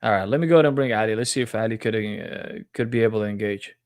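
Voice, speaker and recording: A man's voice: fairly low pitch, fast, dry recording, clean studio sound. A man hosting a live-streamed religious debate, talking in a confrontational, mocking way. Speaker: debate livestream host.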